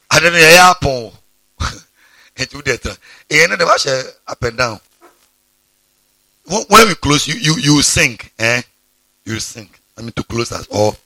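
A pastor preaching a sermon, breaking into sudden high exclamations. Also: male voice, pushed and bright, husky, dry recording.

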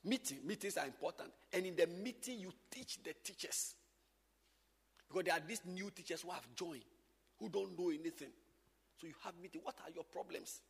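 Pastor guy, husky, echo of a big hall, keeps hammering points. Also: sits high, a little fast. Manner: animated, emphatic, repeats points. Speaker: pastor teaching church workers. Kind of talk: church teaching talk.

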